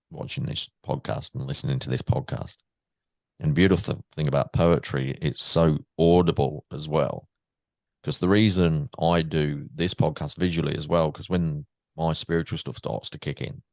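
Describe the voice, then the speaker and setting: This English podcast host has a creaky bass voice with a darkish tone, recorded without echo. He chats and laughs easily with his guest, frequently starting his thoughts over in a loose interview conversation.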